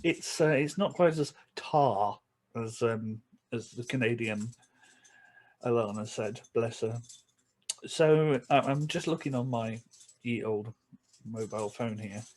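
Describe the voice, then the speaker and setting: A man with a Yorkshire accent chatting casually to camera as a vlogger, chuckling between remarks and slipping into quick asides. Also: medium pitch, a little mellow. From England.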